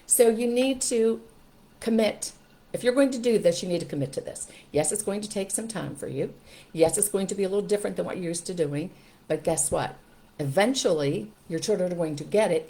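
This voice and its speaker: An older woman, a grandmother, giving firm parenting advice in an animated way and acting out what parents and children say. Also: mid-range voice. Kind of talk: instructional talk to camera.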